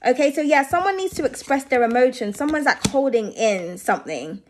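High-voiced woman giving a chatty tarot reading. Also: animated, fairly quick, slight background noise. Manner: chatty and reassuring, with frequent "okay?" and "I feel like". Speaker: tarot reader. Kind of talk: casual tarot reading for viewers.

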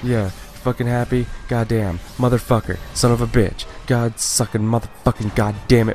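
A young gaming YouTuber does let's play commentary, swearing constantly and ranting in exasperation at the game. His mid-range voice is a little mellow, with fairly even intonation, a moderate pace, and hardly any pauses. Faint game music plays behind him.

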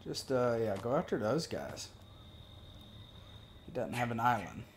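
A man's voice: medium pitch, very animated, unhurried, gravelly, noisy background. A man giving casual, profane gameplay commentary as a gaming video creator, joking and talking to himself as he plays.

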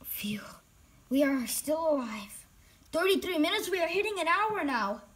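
A woman giving excitable live gameplay commentary as a channel host, reacting loudly and dropping to whispers when sneaking. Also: very high voice, moderate pace.

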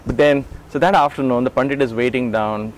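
Brief: man in his 40s, interview guest, lively anecdotes, mid-pitched, acts out quotes, faint background noise. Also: fairly quick. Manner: animated, acts out quoted dialogue; frequent restarts and chuckles. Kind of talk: storytelling recollection.

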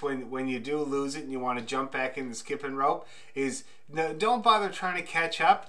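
A man's voice: mid-range voice, sharp tone. A man teaching a group fiddle class in a casual, encouraging way, with plenty of "you know" and "like".

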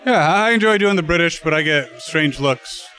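A man's voice: on the high side, animated, normal speed, sharp tone. A man interviewing a guest, friendly and casual, asking questions.

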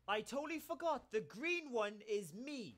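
A man giving excitable let's-play commentary while he plays, exclaiming and swearing often. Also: very high voice, normal speed. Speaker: gaming YouTuber.

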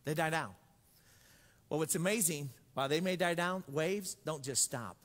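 A man's voice: on the high side, moderate pace, a bit bright, long reverb tail. A man preaching a sermon as pastor, telling stories with jokes and acting out voices. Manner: storytelling, joking, acts out voices.

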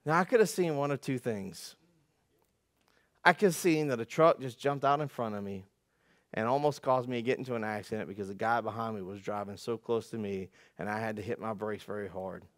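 A man preaching a conversational sermon, telling stories with folksy self-deprecating humor, dropping to quiet asides and climbing to loud, emphatic peaks. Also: on the low side, fairly quick, no room sound, clean studio sound. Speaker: pastor.

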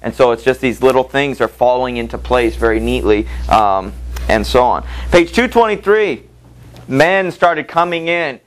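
A man's voice: medium pitch, expressive, normal speed, low-quality recording. A male teacher giving a literature lecture, reading passages aloud and asking the class rhetorical questions in a conversational way.

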